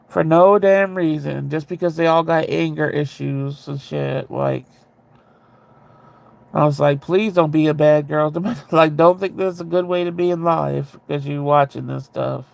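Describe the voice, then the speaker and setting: A man chatting casually with viewers, rambling and candid, with a ready laugh and a gravelly voice. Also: fairly high pitch, fairly even intonation, a little slow, dry recording. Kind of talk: casual chat.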